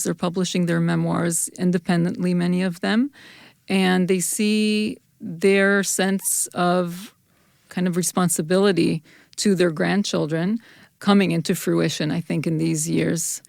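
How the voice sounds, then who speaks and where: Low, gravelly-voiced woman scholar. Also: flat delivery, a little mellow, no room sound, clean studio sound. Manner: thoughtful, measured, with restarts. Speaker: guest scholar, folklorist and anthropologist. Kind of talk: podcast interview answers.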